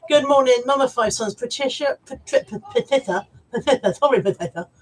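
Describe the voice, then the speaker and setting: A woman's voice: high voice, fast, a little hiss or hum. A woman hosting a live stream, chatting casually and teasing her viewers with lots of laughs. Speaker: livestream host. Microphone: camera mic on a live stream. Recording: slightly distant from the mic.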